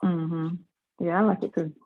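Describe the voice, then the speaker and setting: A woman's voice: lowish voice, normal speed. Woman teaching a Bible class over a tinny call. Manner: folksy and conversational, with a relaxed dialect. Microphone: video call. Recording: tinny phone-like video call audio.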